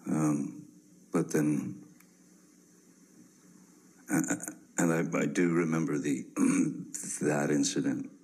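A man in his fifties giving courtroom testimony, halting with many pauses and restarts. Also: very deep voice, flat delivery, darkish tone, poor audio.

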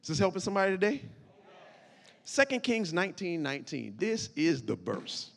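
A man preaching as pastor, building from plain explanation into shouted declarations. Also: sits high, very animated, normal speed, vocal fry, big-room sound. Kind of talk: sermon.

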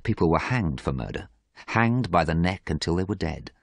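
A man narrating a graded story in a steady, clear storytelling manner. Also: deep voice, moderate pace, no echo, clean studio sound.

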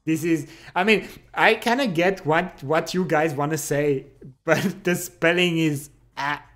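A live streamer with a French accent and a fairly high, fairly bright voice chats slowly and playfully from his home setup, reading viewer comments aloud. He laughs often, teases, and his English has pauses and restarts.

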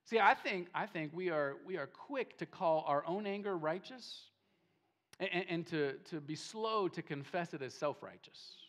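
A man's voice: a little high, lively intonation, moderate pace, a bit bright. Male pastor, sermon in a church; emphatic, repetitive, rising and falling delivery. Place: church sanctuary.

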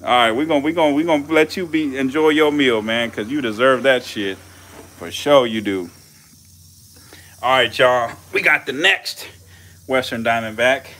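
Loud, profane young man with AAVE. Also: medium pitch, a little slow. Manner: loud, profane, laughing running commentary. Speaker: channel host feeding snakes. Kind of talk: casual live-stream commentary.

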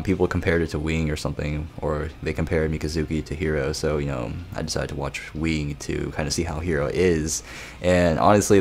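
A man's voice: extremely low pitch, creaky, a little hiss or hum. A young man giving a casual anime episode review, rambling, laughing and swearing as he retells scenes.

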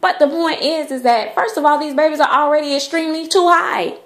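A woman's voice: sits high, steady tone, fairly quick. A woman vlogger chatting casually to the camera in a rambling way, full of fillers. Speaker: doll collector vlogger.

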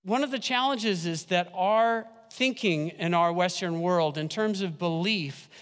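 High-voiced pastor in a reverberant church. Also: male voice, fairly bright tone. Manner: humorous, conversational preaching with slow emphatic drops. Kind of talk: sermon. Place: church sanctuary. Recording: long church hall reverb.

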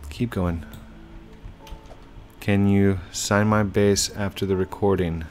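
A man's voice: lowish voice, fairly even intonation, slow, darkish tone, soft background music. A man doing casual gameplay commentary, apologetic yet firm as he lectures players about rule breaking. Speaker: gaming YouTuber.

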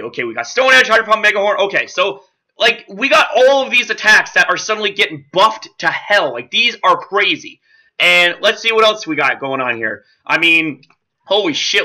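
A man delivering a manic, swearing rant about a game, stammering over his words and breaking into shouted outbursts as an over-the-top raging persona. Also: high-pitched, rough recording. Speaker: YouTuber host. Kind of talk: ranting gaming commentary.

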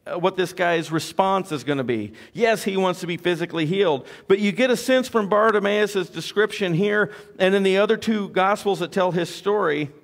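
A man's voice: fairly high pitch, gravelly. A man preaching a sermon as pastor, in a conversational storytelling way with joking asides.

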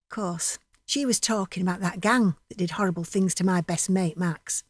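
A woman's voice: lowish voice, normal speed, dry recording. A woman narrating a dramatic monologue in a chatty, vivid storytelling manner.

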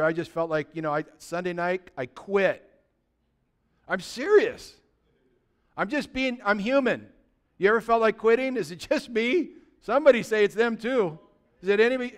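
A man preaching a sermon in a high, clear, resonant voice. He talks to his congregation in a conversational way, asking questions and calling for responses. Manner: exhorting, conversational, calls out to congregation. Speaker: pastor.

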